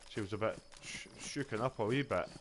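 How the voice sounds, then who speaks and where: A man's voice: fairly low pitch, a little fast, background noise. A Scottish man streaming a game, telling stories in casual, sweary, rambling chat. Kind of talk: casual chat while gaming.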